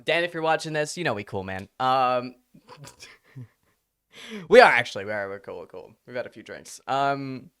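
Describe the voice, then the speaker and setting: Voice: medium pitch, a bit bright. Rambling, giggly live streamer. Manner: rambling, laughs a lot, swears casually. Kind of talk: casual live-stream chat.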